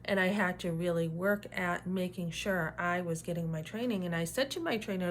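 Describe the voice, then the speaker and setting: A woman's voice: on the low side, normal speed, few pauses, slight background noise. Woman telling a workplace story. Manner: animated, retelling dialogue with asides like "right?". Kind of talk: casual storytelling.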